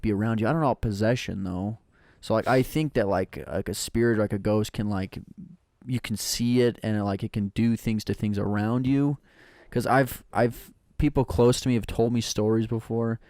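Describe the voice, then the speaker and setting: A man's voice: mid-range voice, darkish tone, dry recording, clean studio sound. A man co-hosting a casual podcast, talking hesitantly with lots of likes and restarts. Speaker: podcast co-host. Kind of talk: casual chat.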